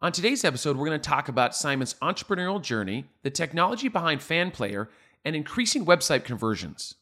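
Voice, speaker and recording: A man's voice: on the high side, very animated, quick pace, sharp tone. A man hosting a podcast interview, talking with eager enthusiasm and rambling restarts. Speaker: podcast host. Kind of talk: casual interview chat.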